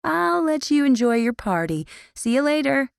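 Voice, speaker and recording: A woman's voice: sits high, very animated, normal speed, dry recording, studio quality, pitched above the performer's own voice, heavily acted. A twangy country teen girl, put on by a woman reader. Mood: gushing. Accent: Southern US. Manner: country twang, breathy and effusive.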